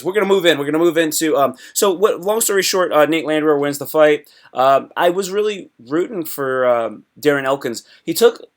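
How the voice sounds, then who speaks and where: A man hosting a live stream, recapping fights in loose, excitable chat that jumps from topic to topic and breaks into sudden loud yelps. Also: fairly high pitch.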